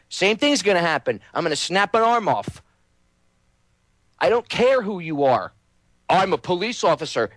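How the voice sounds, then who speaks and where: A man's voice: high voice, no room sound. A man hosting a show, delivering an angry, profane political rant. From United States. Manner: angry, shouting, profane and preachy. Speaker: host.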